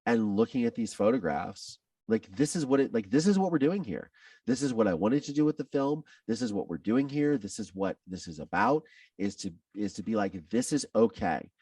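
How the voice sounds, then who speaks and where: A man in his thirties as a podcast guest, telling a personal story earnestly, his voice dropping low when he is moved. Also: big pitch swings, a little fast, darkish tone, slightly rough, no echo, recorded from a distance.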